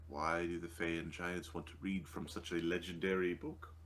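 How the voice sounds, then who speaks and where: A man's voice: deep voice, fairly bright tone, voice pushed down. A man voicing a druid adventurer in a wry, joking way.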